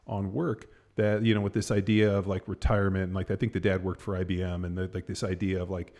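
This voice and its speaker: A man with a fairly low voice hosts a podcast in easy, casual chat. He rambles through a story, leaning on "like" and "you know" and dropping the odd curse word as he goes. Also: little pitch movement, fast, a little mellow. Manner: rambling storytelling, heavy fillers and swearing. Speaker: podcast host.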